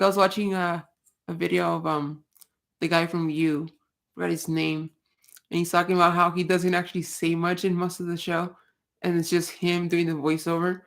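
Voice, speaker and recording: On her casual livestream, a woman with a lowish, creaky voice rants with blunt, profanity-heavy talk. She rambles and keeps restarting her sentences.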